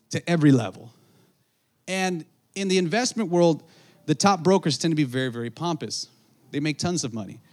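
A man preaching a sermon, telling a story in an animated way, acting out the voices of others and calling out to the congregation. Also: a little high. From Southern California. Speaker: pastor.

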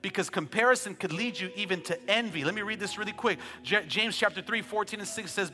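A man in his thirties preaching a sermon as pastor, telling joking family stories and building to shouted calls for praise. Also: sits high, brisk, long reverb tail, soft background music. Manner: joking asides, conversational storytelling.

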